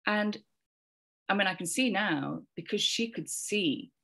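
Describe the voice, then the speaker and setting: A woman's voice: mid-range voice, animated, measured pace, gravelly, sharp tone. A woman in her forties telling a rambling, heartfelt parenting story in a casual conversation, often repeating words and quoting herself and others. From England. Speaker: podcast guest sharing a parenting story.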